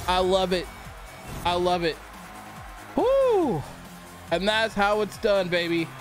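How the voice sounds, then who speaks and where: Excitable high-voiced man playing a game. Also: moderate pace, faint music behind. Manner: excitable, reacts loudly to the game, talks to characters. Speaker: gaming channel host. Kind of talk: let's play commentary. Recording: clear background noise.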